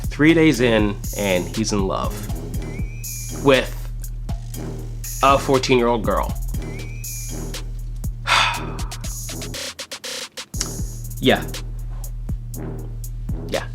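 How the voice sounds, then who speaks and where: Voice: medium pitch, lively intonation, takes it slowly, pauses often, music in the background. A vlogger giving casual, sarcastic commentary while narrating chat logs, exasperated and swearing often.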